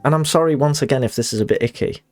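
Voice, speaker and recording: Racing along in a mid-range voice with no room sound, this young streamer rambles through casual chat during a game, apologetic and self-conscious with giggly asides. The close, dry mic picks up faint background music.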